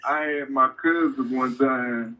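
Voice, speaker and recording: A man calling in to a livestream, relaxed and amused as he tells a story. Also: mid-range voice, slow pace, lo-fi sound. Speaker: caller. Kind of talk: casual storytelling on a call.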